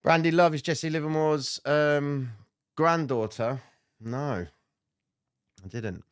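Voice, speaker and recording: A man's voice: a little high, takes it slowly, smooth. A man hosting a live trading stream, giving blunt, slangy market commentary and answering chat comments.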